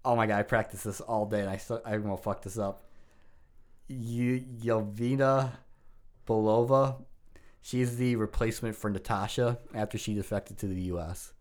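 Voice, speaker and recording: A man hosting a casual podcast with a somewhat low voice. He talks in a laid-back, dry way and swears casually. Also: fairly even intonation, normal speed, darkish tone. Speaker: podcast host. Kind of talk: casual chat.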